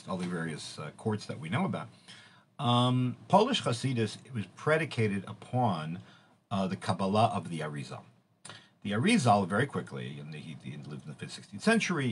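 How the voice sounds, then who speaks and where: A man giving an informal lecture, halting often with fillers and restarts as he explains. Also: sits low, husky. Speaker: teacher.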